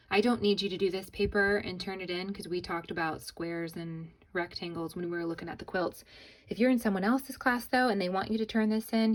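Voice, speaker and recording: A cheerful young woman teaching a casual math lesson to children, chatting to them as she films with a phone in one hand. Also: medium pitch. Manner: cheerful, chatty, addresses kids as guys. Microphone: phone held in hand.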